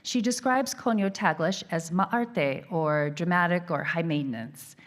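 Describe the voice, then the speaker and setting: Low-voiced woman giving an academic keynote. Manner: measured, reading a prepared text. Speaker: keynote speaker. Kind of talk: academic lecture.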